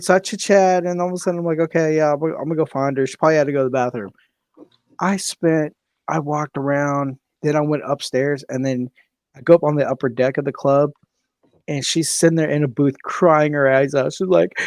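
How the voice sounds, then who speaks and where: A young man telling a story in casual podcast chat, animated, swearing freely and acting out what people said. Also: a little high, brisk, no room sound. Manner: animated, swears freely, laughs often, acts out quoted voices. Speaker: podcast co-host.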